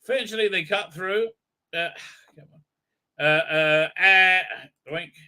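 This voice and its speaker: Sarcastic man with a bright, tense voice. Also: sits high, slow pace, clean tone. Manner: sarcastic, rambling, mocking. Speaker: show host reviewing an episode. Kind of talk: live-stream commentary.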